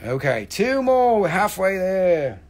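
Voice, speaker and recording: Speaking slowly in a high-pitched voice, a man runs a live rock sale stream. He keeps the casual chat animated, joking around and swearing as he sells.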